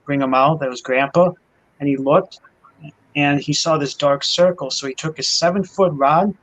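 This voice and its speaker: A man's voice: a little high, normal speed, poor audio. A man in a casual chat who fumbles and restarts his sentences as he tells a story.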